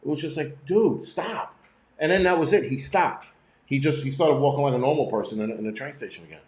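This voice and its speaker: A man's voice: mid-range voice, fast talker, a little mellow. Profane rambling man in an echoey room. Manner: profane, rambling storytelling with many restarts. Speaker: channel host. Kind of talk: casual live-stream rant.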